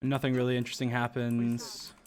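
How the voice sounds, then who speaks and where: A man's voice: medium pitch, completely flat delivery, fairly quick, a little mellow. A young man streaming, casually talking through his own gameplay with rambling restarts and frequent chuckles. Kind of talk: casual gaming commentary.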